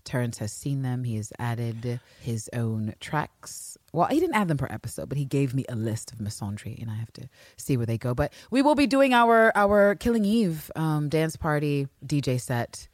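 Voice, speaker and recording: A woman co-hosting a podcast in casual chat, animated and swearing freely. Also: rumbling low, normal speed, hardly any pauses, no room sound, clean studio sound. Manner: animated, swears casually, swoops up when excited. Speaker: podcast co-host.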